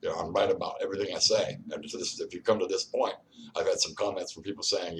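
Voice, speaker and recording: Fast and low, with a steady tone, a man confronts the viewer head-on in his solo vlog monologue. He rambles as the host of his own video, often repeating and restarting what he says.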